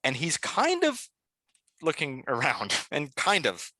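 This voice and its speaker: A man's voice: fairly high pitch, huge pitch swings, takes it slowly, sharp tone, no room sound, studio quality. A man running a tabletop game as game master, talking in a loose, rambling way with many fillers.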